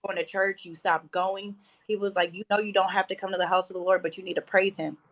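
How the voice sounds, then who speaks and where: Heard through poor audio, a woman in her thirties with a mid-range voice talks fast as a guest on a podcast. She's animated while recounting spiritual stories conversationally, voicing the dialogue she quotes.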